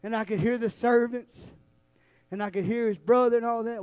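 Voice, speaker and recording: A man preaching with a very high voice. He moves from low, quiet storytelling to shouted, stretched-out refrains that he repeats again and again. The sound is close and dry, with no room echo. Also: steady tone, a little fast, smooth, muffled recording. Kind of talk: sermon.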